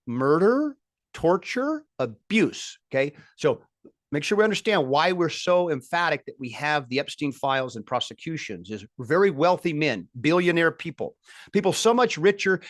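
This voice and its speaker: A man's voice: fairly high pitch, no room sound, clean studio sound. A man hosting a political commentary show, delivering an emphatic, indignant monologue that builds in rising bursts.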